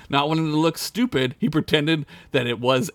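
A man's voice: on the high side, moderate pace, dry recording. A man reading a comedic story aloud for a podcast, laughing at his own jokes.

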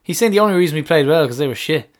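Sex: man. Role: podcast co-host. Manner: jokey, casual swearing, slightly high voice. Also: expressive, rapid-fire. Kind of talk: casual football fan chat.

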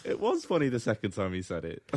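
Low-voiced man hosting a podcast. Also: wildly swooping pitch, quick pace, a little mellow. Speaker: podcast host. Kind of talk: casual podcast banter. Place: small studio booth.

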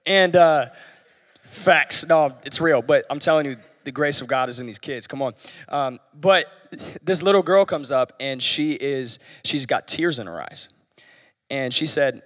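A man's voice: mid-range voice, a little slow, fairly bright tone, big-room sound. A man hosting a church podcast, telling stories in an encouraging way. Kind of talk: casual church podcast chat.

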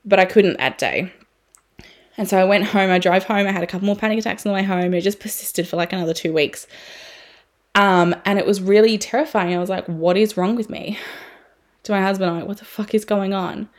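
A woman's voice: medium pitch, fast. Frank, chatty woman podcaster. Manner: frank and chatty, swears freely, many fillers. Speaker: podcast host. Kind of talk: candid personal podcast monologue.

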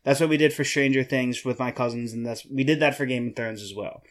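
A man's voice: medium pitch, quick pace. A man co-hosting a podcast, chatting casually in a laid-back, hesitant way with dry humor. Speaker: podcast co-host.

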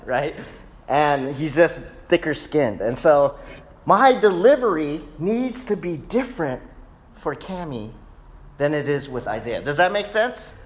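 A man in his thirties, a pastor, preaching a casual sermon in a church sanctuary and telling stories with frequent "right?" asides. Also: fairly high pitch. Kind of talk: conversational sermon.

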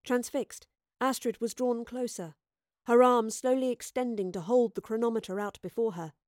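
A woman reading an audiobook as the narrator, with steady, measured storytelling. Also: fairly high pitch, no echo, clean studio sound. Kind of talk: scripted narration.

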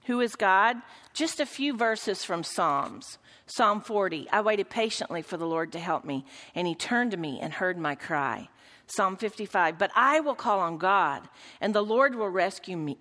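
A woman's voice: on the low side, expressive, a little slow, a bit bright. Earnest woman teaching in a reverberant room. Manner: earnest, questioning the group, reads quotes aloud. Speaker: Bible study teacher. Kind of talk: Bible lesson teaching with read-aloud quotes. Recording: long reverb of a large room.

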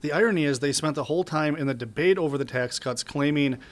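A man's voice: a little high, fast talker. A man from northern Wisconsin on a political talk show panel, speaking animatedly and laughing between his points.

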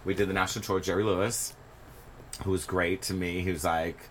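A man guest on a podcast, telling stories in a casual interview, animated and often laughing as he acts out what people said. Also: deep voice, brisk, a little hiss or hum, rough recording. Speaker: podcast guest, stage performer.

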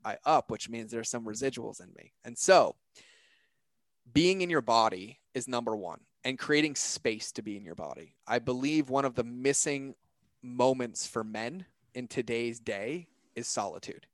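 A man's voice: mid-range voice, animated, moderate pace, dry recording. A man with a mid-range voice speaks earnestly in a reflective podcast chat, casual and searching, leaning on fillers like "like" and "right?". The sound is dry and close, with little room around it.

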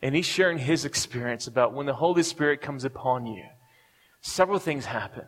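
Man, forties, pastor, storytelling sermon, middle pitch, long reverb of a church hall. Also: animated, a little fast, fairly bright tone. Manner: personal storytelling with many restarts and fillers.

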